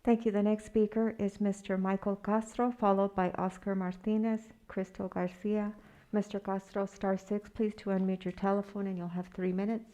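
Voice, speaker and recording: A woman's voice: mid-range voice, flat delivery, moderate pace, mellow, muffled recording. A woman working as the meeting clerk, calling speakers in a polite, procedural way.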